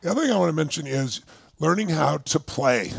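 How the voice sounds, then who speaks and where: A man speaking at a relationship seminar, telling lively stories and acting out his wife's lines in a high voice. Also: fairly quick, creaky, breathy edge. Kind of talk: lively talk to a seminar audience.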